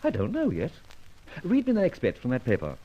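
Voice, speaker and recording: A suave, indignant gentleman thief. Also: mid-range voice, huge pitch swings. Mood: wry. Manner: theatrical, wry, quick to indignation. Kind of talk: 1940s radio drama acting. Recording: dull old radio recording.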